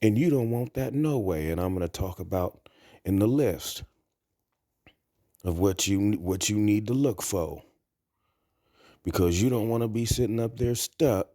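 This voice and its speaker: Man, blunt crude rambling talk, mellow dark tone, dry close sound. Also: fairly low pitch, unhurried, long pauses, no echo. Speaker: vlogger. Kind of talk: casual monologue.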